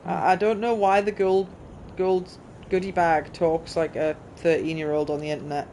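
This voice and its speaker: A woman's voice: fairly low pitch, little pitch movement, normal speed, a little mellow, a little hiss or hum. A woman with a northern English accent, a streamer chatting casually while playing and reading game text aloud. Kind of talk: casual gameplay chat.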